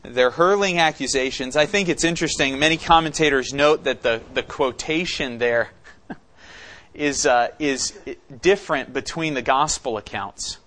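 A man's voice: mid-range voice, normal speed, fairly bright tone. A man preaching an expository sermon, teaching conversationally and asking questions of the congregation. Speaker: pastor.

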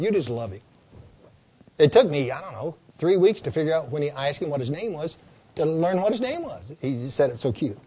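Older male pastor with a slightly high voice, folksy and emphatic, for a sermon read. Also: very animated, warm tone, husky. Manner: folksy storytelling, slow emphatic lists and repetitions.

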